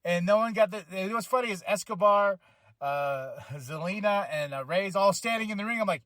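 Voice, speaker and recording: A man hosting a podcast, casually recapping a wrestling show, excitable, laughing often, swearing and acting out what people said. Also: high voice, brisk, dry recording, clean studio sound. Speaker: podcast host.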